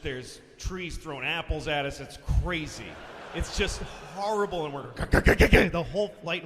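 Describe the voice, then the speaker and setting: A male stand-up comedian telling a story on stage, profane and exasperated, bursting into shouts. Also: on the high side, in a large hall.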